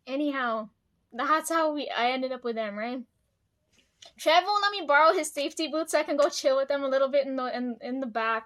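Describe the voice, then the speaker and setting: A woman's voice: high voice, lively intonation, fairly quick, fairly bright tone. A woman vlogger chatting casually to her viewers, rambling, swearing freely and laughing often. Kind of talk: casual chat to camera.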